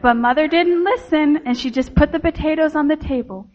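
A woman gives a children's sermon in a gentle storytelling voice, speaking straight to the kids. Her voice is high. The recording sounds slightly dull and lo-fi. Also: brisk.

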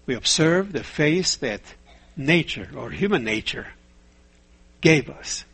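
Male preacher, fairly high and husky voice, measured sermon delivery with rhetorical questions. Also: expressive, a bit bright.

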